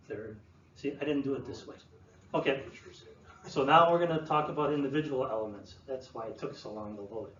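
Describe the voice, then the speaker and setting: A man presenting to an audience, explaining in a relaxed way with many fillers and restarts. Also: medium pitch. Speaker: land use planner presenting. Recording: roomy, distant, dull sound with faint room noise.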